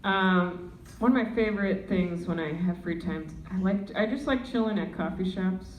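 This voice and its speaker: A young adult woman performing a stand-up comedy set, animated and slipping into put-on voices. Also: mid-range voice, moderate pace, highs cut off, a little hiss or hum. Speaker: stand-up comic. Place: comedy club stage. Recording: roomy club sound from far off, loud audience.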